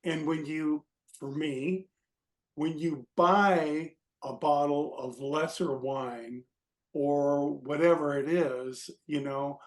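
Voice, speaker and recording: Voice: medium pitch, fairly even intonation, slow pace. A panelist speaking on a video call, enthusiastic, emphatic and jokey. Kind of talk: casual chat on a video call.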